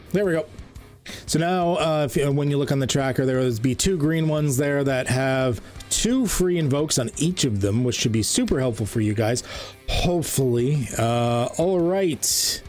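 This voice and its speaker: Rambling man running a tabletop game. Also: on the high side. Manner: rambling, full of ums and self-corrections. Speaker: game master.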